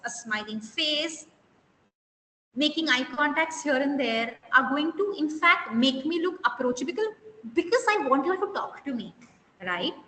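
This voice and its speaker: A woman's voice: high voice, bright, forceful tone. A woman teaching an online interview skills class, stressing key words and quizzing her students. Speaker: soft skills interview trainer. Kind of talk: live online class lecture. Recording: echoey room with long reverb, faint hiss.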